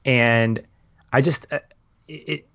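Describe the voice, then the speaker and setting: A man's voice: medium pitch, steady tone, takes it slowly, pushed and bright, no room sound. A young adult man in a casual film discussion, thoughtful and rambling, laughing easily. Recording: dull lo-fi audio.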